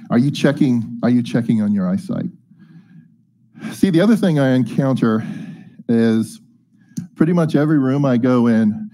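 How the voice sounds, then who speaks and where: A man's voice: medium pitch, expressive, measured pace, pauses often, mellow. A man preaching a casual, folksy sermon, chatty and joking as he reads and explains scripture. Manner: folksy, chatty, jokes and asides.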